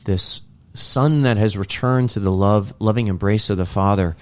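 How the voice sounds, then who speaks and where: Earnest and reflective, a podcast co-host casually retells a scene from a movie, acting out the lines he quotes. He speaks at normal speed in a lowish voice with a clean tone.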